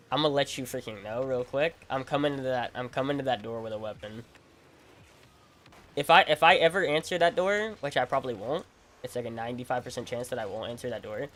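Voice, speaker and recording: A man's voice: mid-range voice, fairly bright tone, slight background noise. A man streaming a game, chatting casually in slang, rambling and repeating himself as he tells stories. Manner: casual slang, says "bro" and "freaking". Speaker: gaming streamer. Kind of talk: casual livestream chat while playing.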